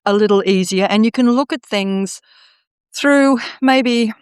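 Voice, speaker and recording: A woman's voice: a little high, measured pace, smooth, dry recording, studio quality. A woman hosting a podcast interview, reflective and affirming, often repeating words as she thinks. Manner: warm affirming listener, reflective, many repeats. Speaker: podcast host. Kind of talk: casual interview chat.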